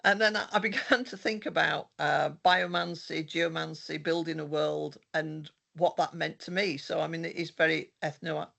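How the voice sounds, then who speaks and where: Older male researcher, heavy vocal fry, meandering conversational delivery. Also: on the high side, fairly even intonation, moderate pace, few pauses, bright, forceful tone. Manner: meandering, many restarts. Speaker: researcher presenting their work. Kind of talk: conversational presentation.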